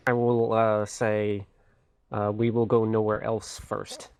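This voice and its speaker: A man playing a tabletop game who speaks in a halting way, repeating himself before he gets going. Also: fairly low pitch, level tone, creaky, a little mellow, clear, resonant tone. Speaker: player. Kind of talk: in-character tabletop play.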